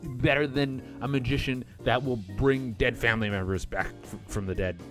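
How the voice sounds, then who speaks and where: A man's voice: mid-range voice, fairly even intonation, moderate pace. A man hosting a comedy reaction show, riffing casually with rambling, profane jokes between clips. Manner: rambling, profane, jokey riffs. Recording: music playing behind.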